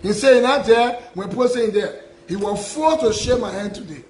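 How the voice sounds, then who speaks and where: This is a Liberian man, self-declared prophet, making a passionate public address in Liberian English, full of repetitive, aggrieved rhetorical questions. His high voice is slightly mellow and fairly quick, heard through a low-quality, reverberant recording.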